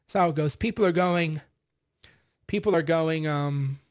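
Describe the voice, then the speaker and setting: A man's voice: on the high side, measured pace. A man in his forties chatting casually on a livestream, reading viewer comments and telling rambling, boastful stories with acted-out quotes. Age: 40s. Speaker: vlogger answering viewer comments.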